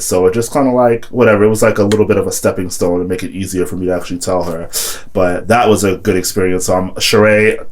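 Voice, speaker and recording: Rambling young man with a lowish voice. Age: young adult. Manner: rambling, heavy use of "like" and "whatever", quotes friends in a raised voice. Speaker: vlogger. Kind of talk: casual storytelling to camera.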